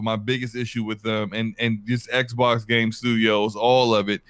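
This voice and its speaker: Smooth-voiced man arguing calmly. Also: medium pitch, no echo. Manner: measured, arguing point by point with many restarts. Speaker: podcast host. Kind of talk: casual podcast discussion.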